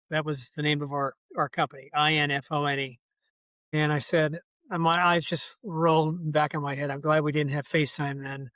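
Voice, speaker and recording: A man's voice: on the high side, little pitch movement, moderate pace, bright, forceful tone, dry recording. An older man, a podcast guest, telling long casual anecdotes full of asides. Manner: rambling, folksy anecdotes with many asides. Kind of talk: casual storytelling.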